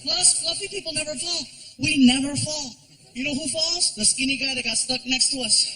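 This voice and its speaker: A man performing a stand-up comedy routine, telling stories animatedly, acting out characters and shouting punchlines. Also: extremely high pitch, moderate pace, rough recording.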